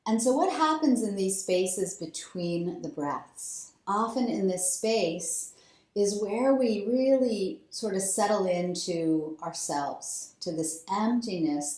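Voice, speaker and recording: A woman yoga teacher giving calm, slow breathing instructions. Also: mid-range voice. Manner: calm, slow guiding cues, growing softer. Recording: roomy echo.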